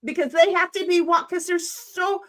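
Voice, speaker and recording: A high-pitched older woman holds forth on her live stream in casual chat. She talks bluntly and swears freely. She plays out both sides of conversations as she goes. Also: steady tone, normal speed. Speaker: stream host.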